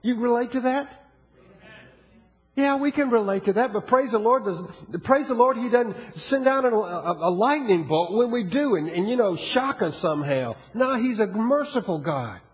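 A male pastor with a fairly high voice preaches in a loose, conversational way, often stopping to ask his listeners questions. His voice carries a long reverb from a large hall. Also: animated, moderate pace. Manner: conversational preaching, asks the congregation questions, frequent restarts; drops to a quiet, intimate tone in places. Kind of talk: sermon.

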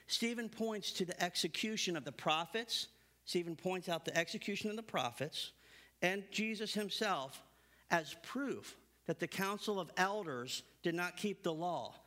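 A man preaching a sermon, reading scripture aloud and then stressing his points with building emphasis. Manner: emphatic, builds to animated high-pitched stresses; reads scripture aloud between remarks.

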